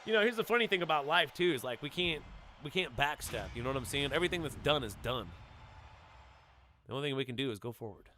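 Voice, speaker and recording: A man's voice: fairly high pitch, animated, fast talker, pushed and bright. A man streaming a video game, chatting casually in a rambling, laid-back way full of "like" and "dude". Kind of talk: casual stream chat while gaming.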